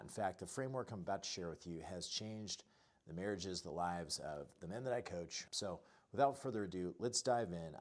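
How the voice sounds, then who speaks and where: A man with a deep, low voice teaches as a relationship coach, speaking straight to the camera. His delivery is earnest and direct. He pauses now and then to write on a board. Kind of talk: instructional talk to camera.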